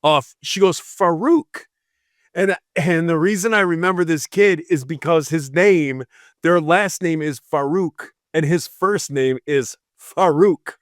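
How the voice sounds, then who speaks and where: A man's voice: on the high side, measured pace, no echo, clean studio sound. A man, a police officer, casually telling a rambling story on a podcast and acting out the people in it. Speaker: podcast co-host.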